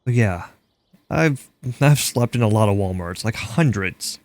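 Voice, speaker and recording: A man's voice: on the low side, lively intonation, a little slow, a little mellow, dry recording. A young man from Minnesota chatting casually while playing a game, rambling and filling his talk with "like". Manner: rambling, heavy use of "like". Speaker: gaming streamer. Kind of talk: casual chat while gaming.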